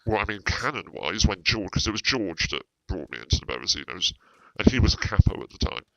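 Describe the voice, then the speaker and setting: A man's voice: on the low side, sing-song, a little fast, vocal fry, a bit bright, no room sound, muffled recording. A man talking in character during a roleplay stream, rambling, repeating himself and swearing freely.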